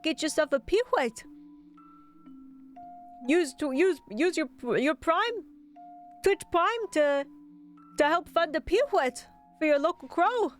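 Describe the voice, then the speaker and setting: Brash market hawker, put on by a woman, high and shouty, sing-song pitch patter, faint music under it. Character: brash loud street hawker pitching wares.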